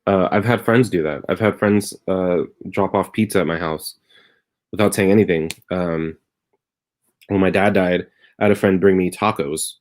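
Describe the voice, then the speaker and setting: A man's voice: low voice, steady tone, moderate pace. A comedian telling a rambling personal story on a live stream from his bedroom at home, wry at moments and tender at others. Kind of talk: casual confessional monologue.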